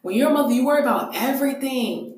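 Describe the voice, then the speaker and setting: A woman's voice: high-pitched, expressive, fast, darkish tone. A young woman hosting a casual solo podcast, talking candidly and profanely with self-mocking humor. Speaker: podcast host. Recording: very echoey room.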